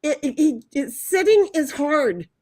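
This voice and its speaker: A woman's voice: high-pitched, big pitch swings, unhurried, darkish tone. A woman hosting a livestream in casual chat, reading viewer comments aloud, rambling and laughing often. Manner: rambling, laughs often, breaks into sung jingles. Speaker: livestream host.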